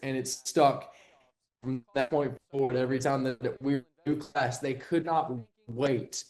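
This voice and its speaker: Lively young man from Texas. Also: measured pace. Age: young adult. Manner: animated storyteller, acts out quotes with a jump in pitch. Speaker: guest, TV sports anchor. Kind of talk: casual interview chat.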